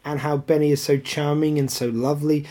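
Brief: woman, lower voice, podcast co-host, playful banter. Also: fairly even intonation, brisk, dark tone. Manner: laughing, teasing banter. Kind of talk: casual chat recapping a TV episode.

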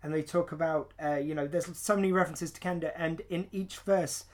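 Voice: medium pitch, steady tone, fairly quick. A podcast host from the United Kingdom, chatting casually and telling anecdotes with fillers. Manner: conversational, storytelling with fillers. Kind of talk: casual chat.

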